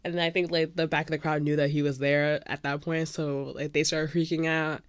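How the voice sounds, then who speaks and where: A young woman recounts a story to her vlog camera in a breathless, gushing ramble, her voice sitting a little low. She leans on "like" constantly and flips between excited high squeals and hushed whispers. The sound is close and dry, with no room around it. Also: brisk, dry recording. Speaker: vlogger.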